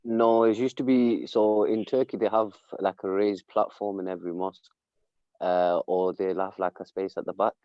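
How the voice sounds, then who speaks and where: A student recounting something in class, hesitant and loose, pausing with fillers. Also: male voice, low voice, fairly even intonation, no room sound, dull audio. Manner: loose and hesitant, fills pauses with like and uh. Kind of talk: casual chat in class.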